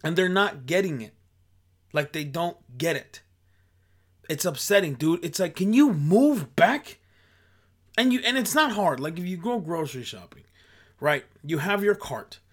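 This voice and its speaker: A man's voice: fairly high pitch, lively intonation, moderate pace, fairly bright tone. A man in a casual comedic rant, exasperated, peppering his talk with "dude" and "like" and switching between English and Spanish.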